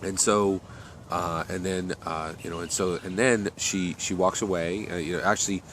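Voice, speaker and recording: A man with a very low voice narrates a story off the cuff, stopping and restarting often and filling gaps with ums and you-knows. A faint hiss of noise sits under the recording. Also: fairly even intonation, moderate pace, fairly bright tone. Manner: rambling, many fillers and restarts. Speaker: author telling his story.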